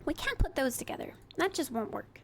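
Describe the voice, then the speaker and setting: Lively high-voiced woman streamer. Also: fairly quick. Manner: chatty, thinks aloud, playful. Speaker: live streamer. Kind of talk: casual livestream commentary while building in a game.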